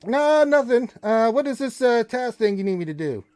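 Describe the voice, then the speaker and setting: A man's voice: extremely high pitch, very animated, normal speed, darkish tone, clean tone. A man voicing a crude, wisecracking male raven who bosses the party around and begs for crackers. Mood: sassy. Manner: brash, cheeky, bossy. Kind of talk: tabletop role-play voicing.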